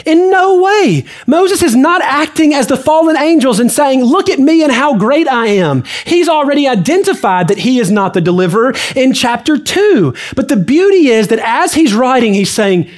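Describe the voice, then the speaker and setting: A man's voice: very high-pitched, very animated, normal speed, few pauses. Man preaching a sermon, emphatic, keeps repeating lines. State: out of breath. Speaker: pastor.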